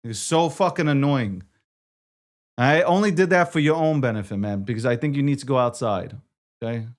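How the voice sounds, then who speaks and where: A man's voice: medium pitch, normal speed. A man hosting a live stream, frustrated and swearing, repeating himself as he struggles with his setup. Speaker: livestream host.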